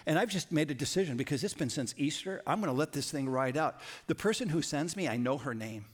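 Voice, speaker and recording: A man's voice: on the high side, fast. Man preaching in a conversational sermon. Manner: conversational, repeats key lines for emphasis; animated storytelling with sudden bursts of loudness. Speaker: pastor.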